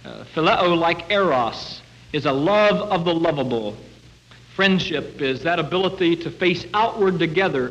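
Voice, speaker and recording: Storytelling preacher, dull lo-fi recording. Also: male voice, fairly high pitch, fairly bright tone, slight background noise. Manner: storytelling, acts out voices in Bible scenes. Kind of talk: sermon.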